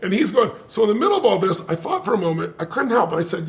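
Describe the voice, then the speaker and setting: An older man with a gravelly, fry-heavy voice pitched fairly high for a man. He tells a story in conversation with lots of energy, swears casually, and breaks into laughs. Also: rapid-fire. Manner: animated, swears casually, laughs often, acts out quotes.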